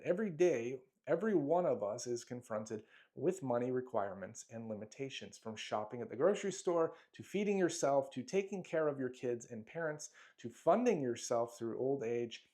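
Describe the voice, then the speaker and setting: A man at an ordinary pitch reads his own self-help booklet aloud with a motivational push. He lands short punchy phrases in a declamatory way and now and then drops a casual aside. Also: a little mellow.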